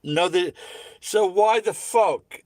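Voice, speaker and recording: Sweary Scottish man, fairly high voice. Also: slow pace, a little mellow, no room sound. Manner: blunt, heavily profane, opinionated. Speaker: vlogger. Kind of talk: casual ranting monologue.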